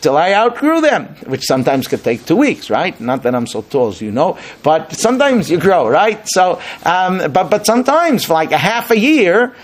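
A middle-aged man teaching an informal Torah lesson as a rabbi, animated and acting out the rabbis he quotes with rising emphasis. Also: high-pitched, normal speed, few pauses.

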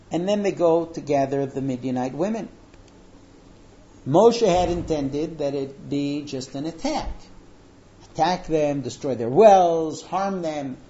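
A man teaches a religious lesson, weaving in animated stories with frequent fillers. His voice is high yet mellow. The recording is dull and lo-fi. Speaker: Torah teacher.

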